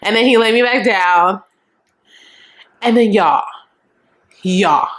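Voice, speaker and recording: A young adult woman vlogger telling a storytime in a frank, animated and profane way, acting out what people said. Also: medium pitch, slow. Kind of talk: casual storytime.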